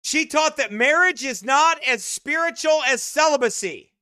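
A man preaching in a sermon-style commentary, emphatic and scornful, sometimes bursting into shouts. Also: very high-pitched, animated, normal speed, dry recording, studio quality.

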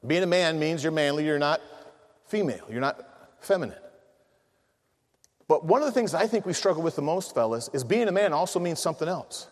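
A middle-aged man preaches to a gathering of men, animatedly telling humorous family stories and acting out the voices of the people in them. His pitch is fairly high, he speaks fairly quickly with frequent pauses, and the large hall gives a long reverb.

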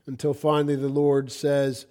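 A man's voice: mid-range voice, completely flat delivery, moderate pace, dark tone. A man preaching a sermon, reading scripture aloud and explaining it in an earnest, emphatic manner.

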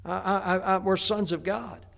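Gravelly, folksy man preaching. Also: high voice, steady tone, normal speed, fairly bright tone. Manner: folksy, repetitive, stammering restarts. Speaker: pastor. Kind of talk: sermon.

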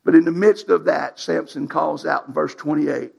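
A preacher with a strongly gravelly, raspy voice that sits high for a man. He preaches in a folksy, emphatic way, reading scripture and exhorting his congregation in plain colloquial speech. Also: steady tone, moderate pace, a little mellow. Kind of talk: sermon.

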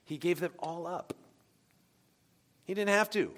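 A man's voice: high-pitched, a little slow, fairly bright tone. Conversational man preaching in an echoing hall. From United States. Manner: conversational, asks the congregation questions. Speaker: pastor. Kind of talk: sermon with audience questions. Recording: long hall reverb.

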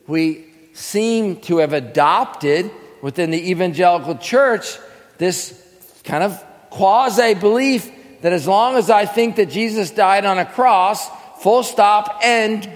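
A preacher teaching a class delivers scripture in sermon style, posing questions to his listeners and then answering them himself. His high voice is expressive and unhurried, trailing a long reverb tail.

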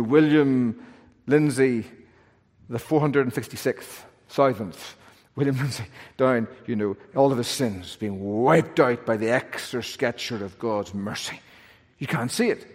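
A male pastor delivers an earnest sermon from the pulpit. His voice sits in the middle register and is animated, with flashes of self-deprecating humor. Long reverb from the church sanctuary trails after each phrase. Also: mid-range voice.

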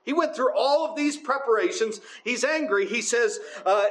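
A man's voice: very high-pitched, expressive, normal speed, hardly any pauses, a bit bright, reverberant, rough recording. A man preaching a sermon in a conversational way, often checking in with his listeners. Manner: conversational, often asks the congregation "right?".

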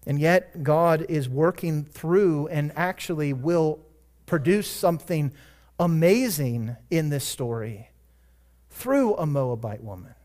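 A man's voice: fairly high pitch, lively intonation, takes it slowly, darkish tone. A man preaching a sermon, earnest and conversational, rising to emphatic peaks and dropping into casual asides. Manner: conversational asides and self-corrections. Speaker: pastor.

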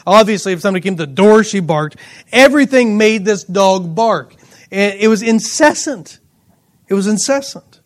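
A middle-aged pastor with a high-pitched voice preaches to his congregation at a moderate pace. He tells personal stories animatedly and laughs now and then.

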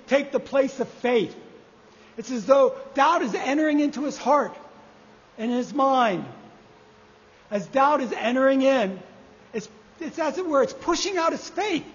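A man preaching a sermon, measured and repeating key phrases for emphasis. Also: very high voice, expressive. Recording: echoey hall, dull lo-fi sound.

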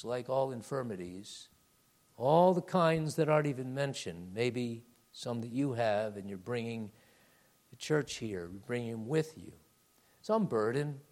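Calling his congregation beloved, a man preaches a sermon that swings between loud, emphatic peaks and hushed, low asides.

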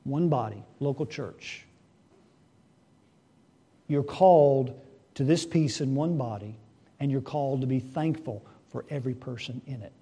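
A man preaching a sermon to his congregation, asking rhetorical questions and swinging between hushed and loud delivery. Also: medium pitch, a little slow, long pauses, breathy edge.

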